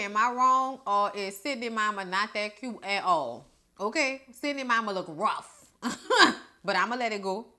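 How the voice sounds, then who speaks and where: A woman's voice: on the high side, bright, forceful tone. A young woman recapping a horror movie in a casual, profane, sassy way, talking back to the characters. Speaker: movie reviewer.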